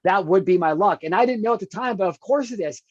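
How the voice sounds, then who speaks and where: A man's voice: sits high, lively intonation, fast, dry recording, lo-fi sound. A man in his thirties, a podcast guest, telling a personal story with intensity, often addressing the host with "dude" and "check this out". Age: 30s.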